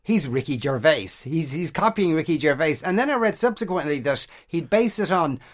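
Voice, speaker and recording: A man's voice: on the high side, expressive, a little fast. A man hosting a radio show, talking casually with many hesitations. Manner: hesitant, chuckling, filler-heavy. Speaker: radio host.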